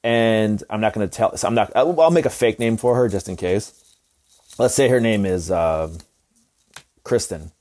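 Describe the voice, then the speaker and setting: A man's voice: on the low side, normal speed, darkish tone. A young adult man, a wrestler on a podcast, telling a story in casual, rambling chat full of restarts and swearing. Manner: rambling, profane, lots of restarts and fillers. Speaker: podcast co-host, pro wrestler.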